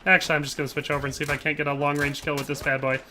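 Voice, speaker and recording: Young male streamer, casual banter, bright tense tone. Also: on the high side, flat delivery, rapid-fire, a little hiss or hum. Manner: chatty, jokey, tries mock Irish accents. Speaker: game streamer. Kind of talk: casual live-stream commentary.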